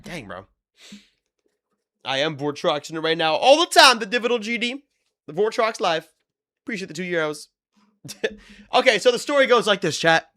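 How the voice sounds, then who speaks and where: A man chatting casually with his viewers during a live game stream, telling stories with sudden excited bursts. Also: high-pitched, normal speed, pauses often. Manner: excitable storyteller, talks to chat, loud bursts. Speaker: livestreamer. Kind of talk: casual live-stream chat while gaming.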